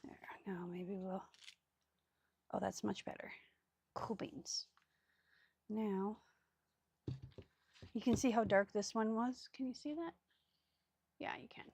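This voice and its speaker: A woman's voice: medium pitch, slow pace, gravelly, long pauses, darkish tone, a little hiss or hum. A woman hosting a casual crafting video, chatty and self-mocking, often dropping to a murmur as she works. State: hiccups. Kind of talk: casual craft tutorial chat. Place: craft table indoors.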